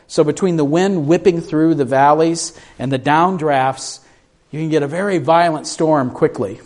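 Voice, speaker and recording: A man's voice: on the high side, moderate pace. A man preaching a sermon, putting questions to his congregation and acting out the voices in the story as he goes. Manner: asks the congregation questions, acts out quoted voices; shifts between hushed and raised delivery. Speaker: pastor.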